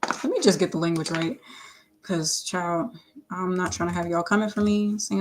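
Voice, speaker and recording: Woman musician rambling on her livestream, lots of likes and um, keeps circling back, mid-pitch voice. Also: steady tone, moderate pace. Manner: rambling, filler-heavy, self-correcting, playful asides. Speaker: singer-songwriter livestreaming her work. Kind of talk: casual livestream chat.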